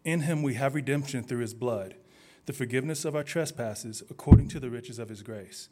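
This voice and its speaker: A man reading a scripture passage aloud in a church service at a steady, measured pace. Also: mid-range voice. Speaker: scripture reader.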